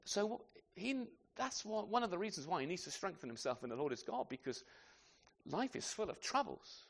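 A man's voice: sits high, big pitch swings, normal speed, creaky, slightly rough. A man preaching a sermon in a conversational way, often adding rhetorical tag questions.

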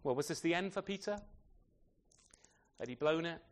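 A man with a fairly high, lively voice preaches a sermon at a moderate pace, keeping it conversational and often tagging his points with rhetorical questions to listeners.

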